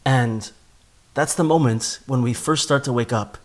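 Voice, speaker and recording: A man's voice: mid-range voice, measured pace. A man giving a spoken Torah class in an earnest way, often repeating words as he builds a point. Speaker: Torah teacher.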